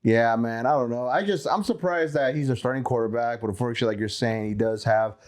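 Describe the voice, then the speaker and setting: A young man co-hosting a podcast, relaxed and agreeable while steering the sports chat. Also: medium pitch, quick pace. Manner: easygoing, lots of short agreeing replies. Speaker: podcast co-host.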